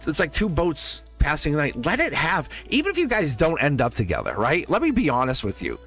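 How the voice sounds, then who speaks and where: A man's voice: on the high side, huge pitch swings, fairly quick, fairly bright tone, faint music behind. A man hosting a live tarot reading, playful and laughing often as he talks to his viewers. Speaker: tarot reader and live stream host.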